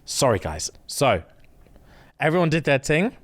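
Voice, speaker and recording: A young man, co-hosting a podcast and telling a story in a lively, slang-filled way, acting out other people's lines. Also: fairly high pitch, unhurried. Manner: animated retelling with quoted voices and London slang. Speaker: podcast co-host. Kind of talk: casual chat, storytelling.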